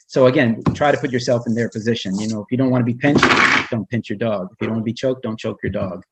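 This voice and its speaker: A man's voice: medium pitch, steady tone, fast, heavy background noise. A man who works as a humane educator, giving a casual online presentation with slides, speaking conversationally with many restarts and fillers.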